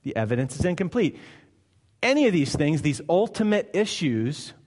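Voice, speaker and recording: A man's voice: on the high side, very animated, moderate pace, darkish tone. A male pastor delivering a sermon, emphatic and conversational, firing off rhetorical questions. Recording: long hall reverb.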